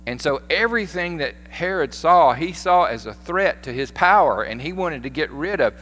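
A man with a Southern American accent, a pastor giving a sermon in a folksy, animated storytelling manner. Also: a little high, normal speed. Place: church sanctuary. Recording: echoey church hall with faint hum.

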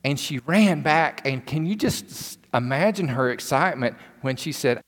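A man's voice: medium pitch, animated, normal speed, few pauses. A male pastor preaching a sermon in a church, retelling a story with emphatic repetition. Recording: long hall reverb.

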